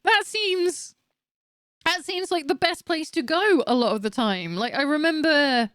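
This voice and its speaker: A woman's voice: high voice, expressive, a little slow, a bit bright, no echo, studio quality. Frank, sweary woman streamer. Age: late 30s. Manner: frank and sweary, ranting with laughs. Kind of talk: casual game stream chat.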